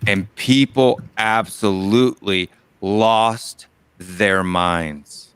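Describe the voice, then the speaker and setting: A man's voice: lowish voice, extremely slow, a bit bright, smooth, no room sound. Earnest southern man arguing his point. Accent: American Southern. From American South. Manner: earnest, argumentative, many restarts. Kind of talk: casual debate chat.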